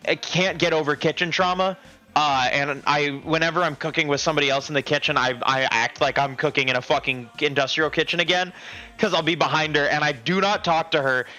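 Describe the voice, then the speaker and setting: Male streamer, slightly high, bright voice, rambling kitchen chat, laughs a lot. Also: fairly even intonation, fairly quick, faint music behind, rough recording. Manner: rambling, laughs often, frequent restarts. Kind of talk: casual cooking stream chat. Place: home kitchen.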